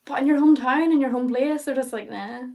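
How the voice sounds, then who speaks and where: A woman's voice: high voice, steady tone, quick pace, muffled recording. A young Irish woman, a fighter guest in an interview, talking casually, swearing freely and laughing often. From Ireland.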